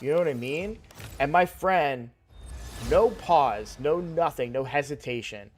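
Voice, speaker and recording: A man's voice: fairly high pitch, expressive, a little slow, slight background noise. Rambling young man telling a story. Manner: rambling, many fillers and restarts. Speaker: gaming streamer. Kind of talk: casual storytelling while gaming.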